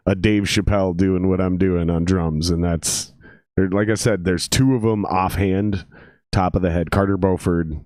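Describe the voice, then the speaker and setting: A man's voice: low-pitched, a little mellow, no echo, studio quality. A young man from the Upper Midwest hosting a podcast, talking in a loose, sweary, tired way. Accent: Upper Midwest American. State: exhausted. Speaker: podcast host. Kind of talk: casual chat.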